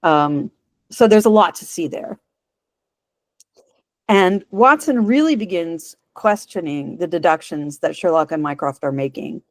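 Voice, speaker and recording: A woman's voice: lowish voice, unhurried, no room sound. Laughing woman recapping a show. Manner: animated, laughs often, retells scenes. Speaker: podcast co-host. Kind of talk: casual chat recapping an episode.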